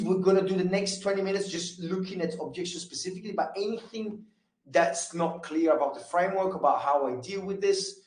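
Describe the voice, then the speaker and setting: A man's voice: high-pitched, echoey room, poor audio. A man running a casual sales training session, talking loosely with lots of fillers and restarts. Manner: casual, talks fast with many fillers and restarts. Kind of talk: live training session on a call.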